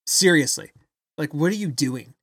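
A man giving an angry, blunt political rant, loud and insulting as he talks. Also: a little high, expressive, normal speed, dry recording, studio quality. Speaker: political commentator. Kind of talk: ranting political commentary.

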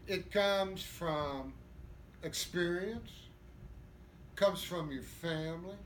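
High-voiced older man telling salty stories. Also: slow, a little hiss or hum. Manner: profane, animated storyteller. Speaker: guest. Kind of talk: storytelling interview. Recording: echoey room with faint ambience.

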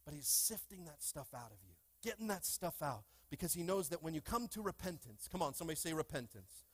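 A man preaching a lively sermon in a church, with call-and-response and playful asides to the congregation. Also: fairly high pitch, fairly quick. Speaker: pastor. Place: church sanctuary.

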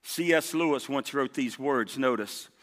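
A medium-pitched, fairly bright voice, a little slow, belongs to a pastor preaching in a large church sanctuary. Emphatic, he repeats key points and invites responses from the congregation, all heard through the long reverb of a big hall.

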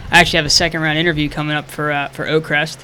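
Bright-voiced eager young man. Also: on the high side, flat delivery, rapid-fire, slight background noise. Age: young adult. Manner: eager, upbeat, repeats words. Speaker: camp counselor, new teacher. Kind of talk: casual interview chat.

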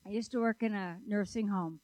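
A woman preaches in a conversational, animated manner, talking directly to her listeners and asking them questions. Her voice sits at an ordinary middle pitch. The recording is dry and close, with little room sound. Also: brisk, dry recording, poor audio. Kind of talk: sermon with storytelling.

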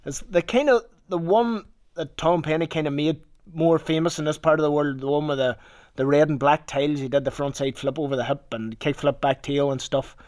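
A man's voice: a little high, steady tone, a little fast, a little mellow. A man with a Northern Irish accent telling a rambling personal story in casual talk, swearing freely. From Northern Ireland.

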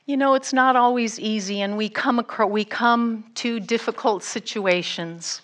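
A middle-aged woman missionary giving a sermon, telling a story earnestly. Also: on the high side. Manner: slow, earnest storytelling with acted quotes. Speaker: guest missionary speaker.

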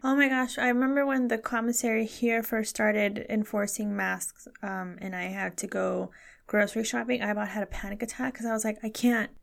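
A woman's voice: mid-range voice, brisk, gravelly. A woman co-hosting a podcast, chatting casually and acting out quoted people as she tells stories. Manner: chatty, animated storyteller who acts out quotes. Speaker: podcast co-host. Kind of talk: casual chat.

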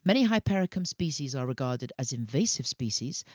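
A woman's voice: a bass voice, sing-song, fairly quick, a little mellow, no echo. A middle-aged woman co-hosting a casual podcast chat, enthusiastically reading out facts. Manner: enthusiastic, reads facts aloud. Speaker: co-host.

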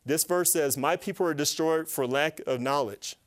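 A man giving an animated, faith-based teaching talk to a live group, asking them questions and acting out little voices. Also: a little high, normal speed. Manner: animated, asks the audience questions, acts out voices. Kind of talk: lively sermon-style teaching to a live group.

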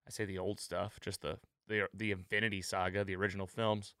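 A man's voice: low-pitched, little pitch movement, brisk, bright, forceful tone, smooth, no room sound, clean studio sound. A man hosting a podcast, talking casually and rambling a bit, with frequent fillers and restarts. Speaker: podcast host.

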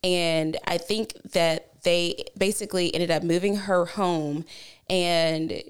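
A woman's voice: fairly low pitch, fairly even intonation, slow, clear, resonant tone. A woman in her twenties, a podcast co-host who tells a meandering story casually, with lots of fillers and some swearing.

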